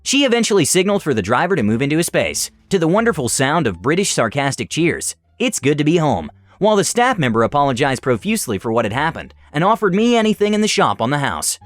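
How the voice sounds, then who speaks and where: Animated male story narrator. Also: fairly high pitch, quick pace, few pauses, dry recording. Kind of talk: scripted narration of online stories.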